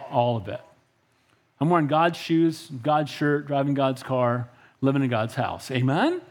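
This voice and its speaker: A middle-aged man pastor preaching a sermon, animated and calling out for amens from the congregation. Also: mid-range voice, measured pace. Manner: animated preaching with frequent call-outs for amen.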